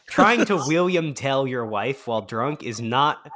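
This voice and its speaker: A man chatting on a comedy podcast with a sarcastic edge. His pitch swings widely as he talks, and he keeps breaking into exaggerated mock voices. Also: expressive, a little slow, fairly bright tone. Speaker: podcast co-host. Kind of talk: casual comedic chat.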